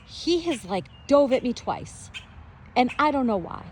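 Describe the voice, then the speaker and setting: Woman, high voice, very lively intonation, casual vlog, outdoors, faint background noise. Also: unhurried. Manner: animated, coaxing the bird in a high sing-song voice. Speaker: vlogger. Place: backyard outdoors.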